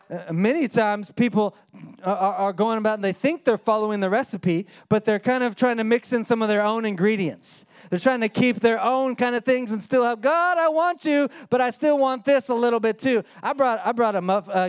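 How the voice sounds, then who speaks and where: A pastor, likely in his thirties or forties, preaching and telling a story, acting out voices and dropping low and quiet for serious points. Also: moderate pace, clean tone. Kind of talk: sermon with storytelling.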